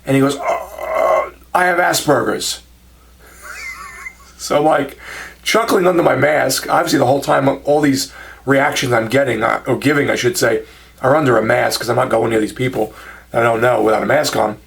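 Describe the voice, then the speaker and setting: A man's voice: medium pitch, steady tone, fairly quick, creaky. A man telling funny anecdotes in a casual, self-mocking way, acting out the people he quotes. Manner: chuckling, self-deprecating anecdotes with quoted dialogue. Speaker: channel host telling stories. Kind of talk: casual storytelling monologue.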